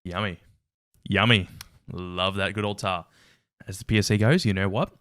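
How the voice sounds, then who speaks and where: A man's voice: low-pitched, steady tone, normal speed, fairly bright tone, clean tone, no echo, clean studio sound. A man hosting a casual reaction commentary, wry and incredulous, laughing often. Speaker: reaction video host.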